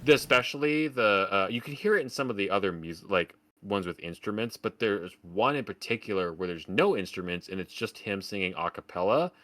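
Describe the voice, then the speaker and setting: A man's voice: fairly low pitch, animated, a little fast, hardly any pauses, fairly bright tone. A man co-hosting a podcast, ranting about a film in casual, profane, sarcastic talk. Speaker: podcast co-host. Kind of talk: casual film review chat.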